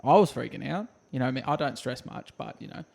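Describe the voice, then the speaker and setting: A man's voice: mid-range voice, animated, fast, creaky, a little mellow, husky. A man co-hosting a podcast, telling stories in a jokey way and acting out quotes with sound effects. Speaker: podcast co-host. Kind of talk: casual storytelling chat.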